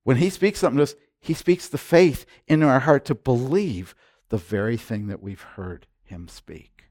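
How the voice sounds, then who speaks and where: A man preaching a sermon, moving from loud emphatic lines to quiet, hushed ones. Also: mid-range voice, moderate pace. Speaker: pastor.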